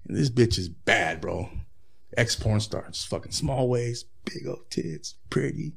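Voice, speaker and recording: A man's voice: mid-range voice, lively intonation, measured pace, gravelly, a little hiss or hum. A man, a rapper guest in his thirties, telling profane, laid-back stories with frequent laughs in a casual interview.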